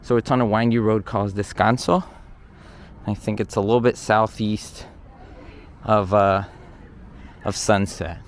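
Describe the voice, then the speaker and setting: Climbing a hillside stairway in a city neighborhood, a low-voiced male vlogger narrates his walk at a measured pace, with fairly even intonation and long pauses. He's winded from the stairs, chatty and thinking aloud with many fillers, and faint outdoor ambience sits in the background.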